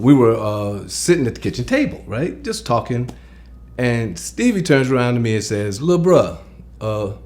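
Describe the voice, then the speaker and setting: A man telling a creepy story from his childhood in a conversational way, dropping to a hush in the tense moments. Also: mid-range voice. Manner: conversational, hushed in tense parts, excited when recalling being disbelieved.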